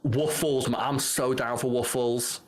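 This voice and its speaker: A man co-hosting a podcast in casual chat, excitable and swearing a lot. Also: medium pitch, unhurried, a little hiss or hum. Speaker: podcast co-host.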